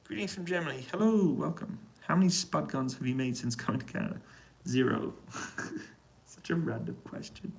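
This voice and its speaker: A British man in a hotel room, answering viewers' questions on a casual, relaxed live stream and keeping his voice down so he doesn't wake anyone. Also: mid-range voice, fairly quick, gravelly, rough recording. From United Kingdom. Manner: relaxed, quiet voice to avoid waking neighbours. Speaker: livestream host answering chat questions. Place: hotel room on an army base.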